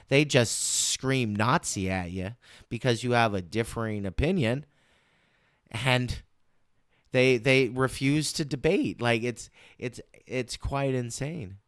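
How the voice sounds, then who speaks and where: A man's voice: medium pitch, fairly bright tone, smooth, no echo, clean studio sound. A man hosting a casual political commentary show, rambling and emphatic, often restarting and repeating his words.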